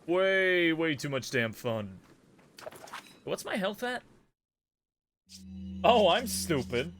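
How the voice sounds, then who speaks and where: A man's voice: fairly high pitch, very animated, slow, fairly bright tone, a little hiss or hum. A young man casually commenting and joking while playing a game, exclaiming and humming as he goes.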